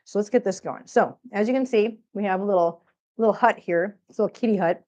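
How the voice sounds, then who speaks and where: A woman's voice: mid-range voice, quick pace, dark tone. Woman cat vlogger, casual rambling chat, a bit winded, slightly dull lo-fi sound. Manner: chatty, rambling, answers viewers' comments. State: a bit out of breath. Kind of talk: casual livestream chat while cleaning.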